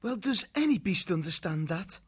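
A man voicing an excitable young male woodland creature in a storybook reading, shouting eagerly. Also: high-pitched, normal speed, husky, pitched above the performer's own voice, exaggerated voice. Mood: curious.

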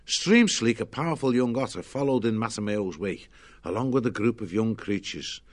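A man narrating a children's storybook in a lively, expressive way. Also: fairly low pitch, moderate pace.

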